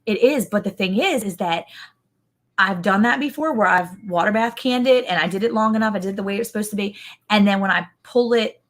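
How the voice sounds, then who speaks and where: A woman's voice: medium pitch, brisk. A middle-aged woman, chatting casually and laughing as co-host of a homestead livestream, greeting viewers by name.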